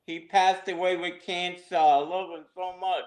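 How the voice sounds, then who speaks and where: A man's voice: high-pitched, flat delivery, normal speed, a little mellow, roomy sound. A man calling in to a show, talking in an earnest, childlike way and repeating himself. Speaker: caller. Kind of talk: call-in chat over a video link.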